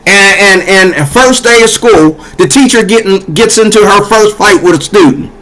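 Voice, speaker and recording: Man, higher-pitched voice, fired-up rant straight to his audience, repeats lines for emphasis. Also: normal speed, a bit bright, poor audio. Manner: heated, repetitive, talks to viewers directly. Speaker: commentator. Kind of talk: casual ranting commentary.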